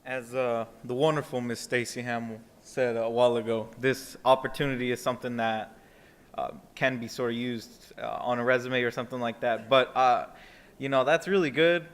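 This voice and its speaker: A man's voice: medium pitch, steady tone, normal speed, clean tone. A young man from Texas, a student, giving an informal and earnest conference speech full of fillers and restarts. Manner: rambling, earnest, many fillers. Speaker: student speaker. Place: museum conference hall.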